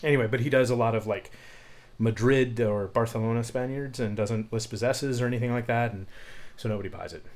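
A young adult man hosting a podcast in a relaxed, rambling way, full of fillers and offhand swearing. His voice sits at an ordinary middle pitch. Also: brisk. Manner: rambling, loose, swears casually. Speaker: podcast co-host. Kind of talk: casual chat.

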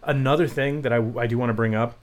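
A man co-hosting a casual chat about accents, joking and quick with asides. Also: medium pitch, steady tone. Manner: jokey, quick asides, laughs easily. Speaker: podcast co-host.

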